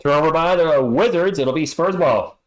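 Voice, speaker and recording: A man's voice: on the high side, normal speed. A man calling a basketball game live as a fan commentator, chatting and ranting between plays. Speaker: play-by-play commentator.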